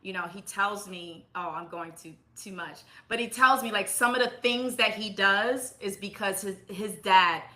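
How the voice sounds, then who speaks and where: A woman's voice: medium pitch, moderate pace, hardly any pauses, sharp tone. A middle-aged woman, an interview guest, telling personal stories in an earnest, reflective way, emphatic with repeated phrases. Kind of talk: heartfelt conversational storytelling.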